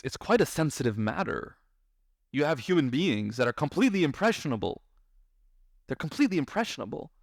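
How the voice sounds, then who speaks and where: A man delivers a spirited talk in a voice of ordinary pitch. He draws his listeners in with questions and acts out the parents and children in his examples. The sound is dry and close, with no room echo. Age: adult parent. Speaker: Islamic speaker. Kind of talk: lecture to a live audience.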